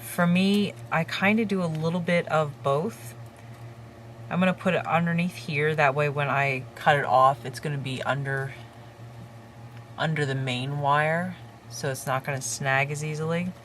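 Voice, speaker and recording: A woman hosting a crafting tutorial, calmly talking through each step while she works with her hands. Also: deep voice, slight background noise. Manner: calm, unhurried, talks while working with her hands.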